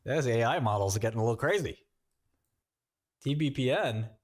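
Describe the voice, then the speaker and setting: A man's voice: medium pitch, expressive, a little fast, no echo, studio quality. A man hosting a casual trading livestream, rambling and joking as he thinks aloud and talks to his chat. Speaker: livestream host.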